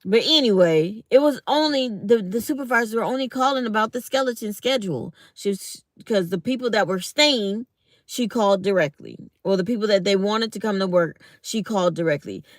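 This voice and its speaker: A woman's voice: mid-range voice, a little fast, no room sound, clean studio sound. A middle-aged woman, talking casually to viewers and acting out both sides of an office conversation. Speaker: vlogger.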